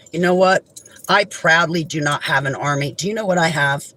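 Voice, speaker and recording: A woman vlogger delivering an impassioned, indignant monologue straight to camera, swinging between raised outbursts and low, heavy statements. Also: brisk, fairly bright tone, slight background noise, poor audio.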